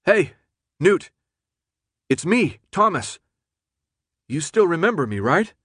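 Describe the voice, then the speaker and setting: A stubborn teenage boy, desperate and urgent, his voice pushed high and loud, as a male audiobook narrator plays him. The recording is dry and close. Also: lively intonation, brisk, no echo, lightly acted. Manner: urgent, shouting.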